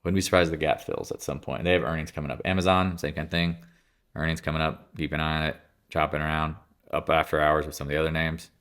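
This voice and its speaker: Congested, low-voiced man rambling about markets. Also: little pitch movement, fast, fairly bright tone, clear, resonant tone. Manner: rambling, self-interrupting, blunt and offhand. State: congested, clearing throat. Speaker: market commentator. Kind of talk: casual market commentary.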